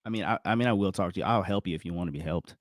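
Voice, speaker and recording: A man's voice: deep voice, rapid-fire, no echo, clean studio sound. A middle-aged man talking casually to his viewers on his own, rambling and correcting himself, chuckling often. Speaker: vlogger. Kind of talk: casual solo self-reflection talk.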